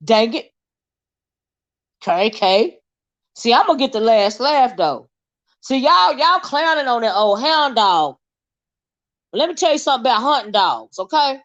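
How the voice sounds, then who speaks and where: Pitched high and speaking a bit slowly with frequent pauses, a woman hosts a livestream and banters with viewers. The chat is casual, animated and teasing with a Southern flavor. Her audio sounds slightly dull and lo-fi.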